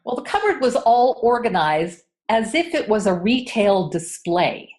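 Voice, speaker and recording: A woman's voice: a little high, sing-song, a little slow, a little mellow. A woman in her sixties, an interview guest telling her story candidly with lots of fillers. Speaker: interview guest, entrepreneur coach. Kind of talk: casual interview chat.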